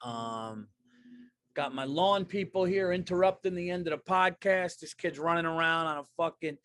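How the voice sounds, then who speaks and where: A man's voice: a little high, moderate pace, fairly bright tone. A man in his thirties, a comedian hosting a casual solo podcast, rambling and profane, stuffy from allergies. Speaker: podcast host and stand-up comedian.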